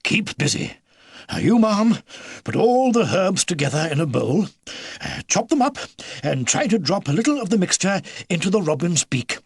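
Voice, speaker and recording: A man voicing an elderly male beaver, a steady, fatherly grandfather who breaks his orders with small hesitations. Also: high voice, moderate pace, breathy edge, dry recording, studio quality, voice pushed up, heavily acted. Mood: urgent.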